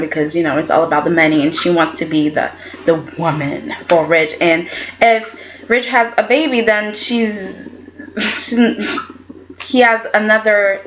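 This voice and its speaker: A woman's voice: mid-range voice, fairly bright tone, muffled recording, slight background noise. A woman casually reviewing a soap opera episode, chatty and opinionated, often acting out what the characters said. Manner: chatty and opinionated, acts out quotes in voices. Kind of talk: casual chat.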